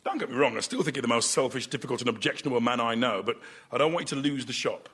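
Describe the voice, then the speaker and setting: An actor playing a prim, exasperated middle-aged son from London who manages a classical music store, in a radio sitcom. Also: male voice, mid-range voice, very fast, fairly bright tone, breathy edge.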